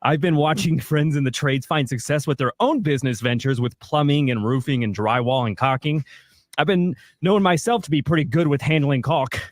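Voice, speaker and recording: A man co-hosting a radio show, reading a scripted comic monologue in a deadpan storytelling manner. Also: fairly high pitch, a little fast, no room sound. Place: radio studio. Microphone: studio mic.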